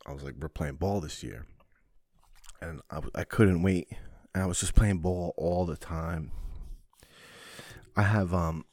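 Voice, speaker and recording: A man's voice: low voice, measured pace, pauses often, darkish tone, no echo, clean studio sound. A man in his forties from New Jersey, hosting a podcast and telling jokey, profane personal stories in a rambling way. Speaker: podcast host. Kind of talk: personal storytelling monologue.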